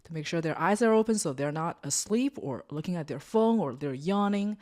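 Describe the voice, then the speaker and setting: A woman's voice: low voice, expressive, fairly quick, darkish tone. A woman hosting a podcast, explaining things at length in a chatty way with lots of filler words. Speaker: podcast host. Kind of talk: casual podcast chat.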